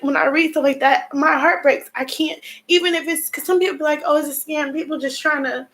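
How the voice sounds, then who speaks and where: Woman, young adult, high-pitched, tearful, frustrated, venting to camera. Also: a bit bright, rough recording. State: crying at times. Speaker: vlogger. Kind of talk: emotional personal vlog talk.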